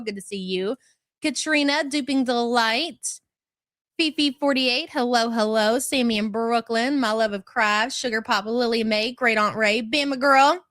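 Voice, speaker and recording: A woman's voice: a little high, pushed and bright, no echo, clean studio sound. A woman hosting a casual livestream, greeting chatters by name with brash, profane humor. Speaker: livestream host. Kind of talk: casual live chat.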